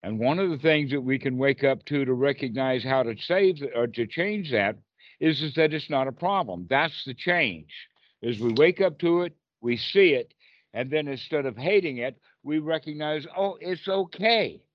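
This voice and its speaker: A man's voice: mid-range voice, expressive, moderate pace, dry recording. A man teaching Buddhist meditation on a group video call, playful and encouraging as he acts out inner dialogue. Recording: dull lo-fi call audio.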